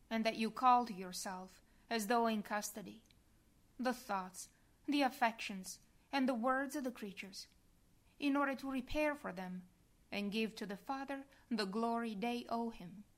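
Woman narrator for a devotional reading, unhurried and hushed, at times near a whisper. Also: fairly high pitch. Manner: slow, soft, prayerful, sometimes whispered.

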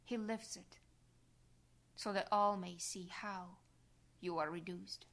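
A woman reading a devotional meditation aloud in a hushed voice that often drops to a whisper. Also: mid-range voice, slow pace, pauses often. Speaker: reader.

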